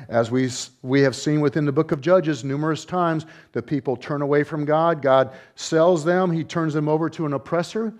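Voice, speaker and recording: A man preaching with a somewhat high voice that drops to a low hush and then climbs to loud, ringing cries. He repeats lines and asks questions of his listeners. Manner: dramatic, swings from hushed low tones to loud high cries; repetitive, rhetorical questions. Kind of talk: sermon.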